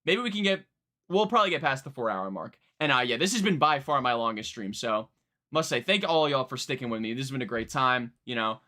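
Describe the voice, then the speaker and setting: Bright-voiced young man streaming reactions. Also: mid-range voice, a little fast. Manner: rambling, excitable, swears freely. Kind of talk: casual live-stream commentary. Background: faint music playing.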